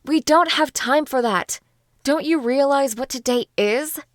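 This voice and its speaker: A woman reading the lines of a bossy, sassy teenage best friend in an audiobook, brisk and teasing. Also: sits high, no echo, studio quality, pitched above the performer's own voice. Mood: impatient.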